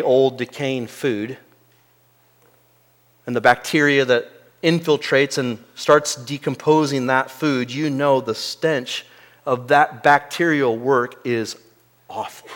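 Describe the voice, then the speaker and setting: A man preaching a sermon in an earnest way, moving between quiet asides and loud, emphatic peaks. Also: mid-range voice.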